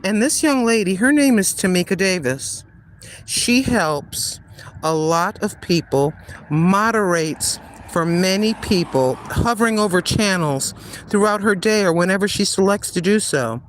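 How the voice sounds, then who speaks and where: A woman's voice: mid-range voice, lively intonation, unhurried, a little hiss or hum. An older woman hosting a casual livestream while walking outdoors on a street, chatty and rambling, laughing often as she digresses. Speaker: livestream host.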